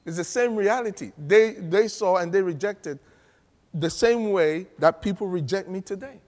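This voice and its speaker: A man preaching a sermon, animated and humorous, often laughing as he teaches. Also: high voice, moderate pace. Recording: long reverb of a large hall.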